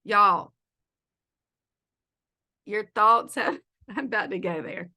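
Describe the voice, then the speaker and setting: A woman's voice: mid-range voice, slow pace, pushed and bright. A woman teaching an online feng shui class in a chatty, playful way, laughing often. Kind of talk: casual online presentation. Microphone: video call.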